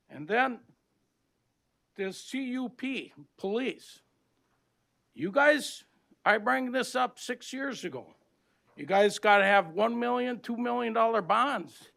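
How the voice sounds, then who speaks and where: Gravelly older man, high and blunt. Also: fairly bright tone. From Minnesota, USA. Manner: blunt, aggrieved, plain-spoken with rough grammar. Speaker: public commenter. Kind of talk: public comment at a county board meeting.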